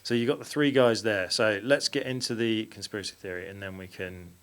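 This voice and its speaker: A man's voice: lowish voice, fairly quick, a bit bright. A man hosting a podcast, reading out facts and stopping to correct himself. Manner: reads aloud with fillers and self-corrections. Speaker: podcast host. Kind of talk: reading out facts in casual chat.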